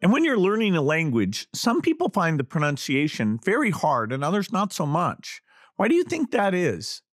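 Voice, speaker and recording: A man hosting a podcast interview, talking in a thoughtful, halting way with restarts and filler words. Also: fairly high pitch, huge pitch swings, no room sound, clean studio sound. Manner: thoughtful and halting, full of "you know" and restarts. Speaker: podcast host.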